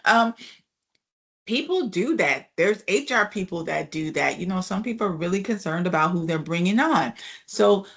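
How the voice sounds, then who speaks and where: A woman's voice: on the low side, lively intonation, normal speed, vocal fry, slightly rough. A woman instructor giving a casual online class lecture, chatty and often asking the class "right?" and "you know".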